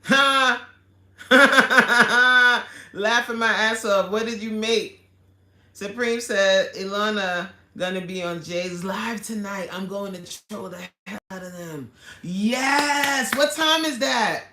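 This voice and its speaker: Woman coach chatting on her livestream, slow and laid back, bright sharp voice, echoey room, lots of laughing and slang. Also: mid-range voice. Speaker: fitness coach hosting a livestream. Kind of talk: casual livestream chat, reading comments aloud.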